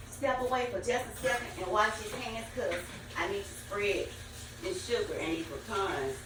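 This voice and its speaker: A medium-pitched woman's voice comes through over a noisy background. She's an older home cook with a Southern US accent, making a casual cooking vlog and chatting folksily to viewers in her roomy, echoey kitchen.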